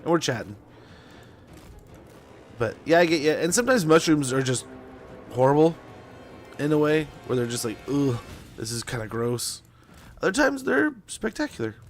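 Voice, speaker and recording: A man's voice: fairly high pitch, very animated, moderate pace, long pauses, soft background music. A young man chatting casually and rambling while playing a strategy game on stream, with lots of fillers. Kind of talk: casual gameplay chat.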